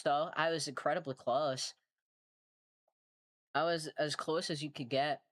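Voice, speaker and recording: Low-pitched and fairly bright, her voice stays fairly even in intonation, a little slow and often pausing. She's an artist streamer chatting casually while drawing, rambling, mocking herself, swearing freely and sounding tired.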